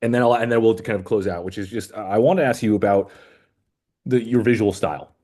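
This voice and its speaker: A man's voice: on the low side, brisk, mellow. A man interviewing a filmmaker in a casual, rambling chat full of fillers. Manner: chatty, rambling with many fillers. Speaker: festival programmer interviewing a filmmaker.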